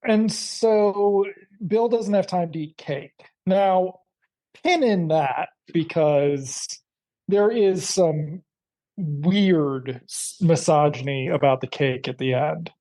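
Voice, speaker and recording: A woman co-hosting a podcast in relaxed, casual chat. She talks slowly in a low, mellow voice. She drops dry, wry asides and questions into the recap. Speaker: podcast co-host.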